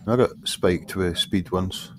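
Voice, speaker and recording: A man's voice: low-pitched, takes it slowly, noisy background. A man in casual chat, laid-back, often just murmuring agreement. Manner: laid-back, many short backchannel murmurs.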